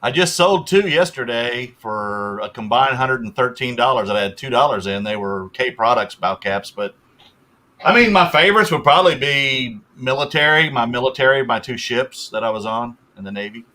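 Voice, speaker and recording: A man's voice: mid-range voice, lively intonation, moderate pace, pushed and bright. A man in his sixties, a guest on a reselling livestream, who chats casually and explains at length, trailing off as he goes.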